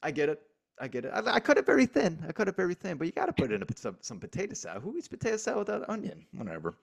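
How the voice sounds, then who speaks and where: A man co-hosts a casual sports podcast in a lively, joking way. His pitch rises and falls with animation, and he leans hard on his punchlines. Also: rapid-fire, vocal fry, breathy edge. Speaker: podcast co-host.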